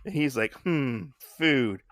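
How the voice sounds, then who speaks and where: A man's voice: mid-range voice, takes it slowly, no room sound, clean studio sound. A man co-hosting a casual podcast, retelling a comic chapter and acting out the characters' lines. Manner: animated, acts out characters' lines while recapping. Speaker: podcast co-host.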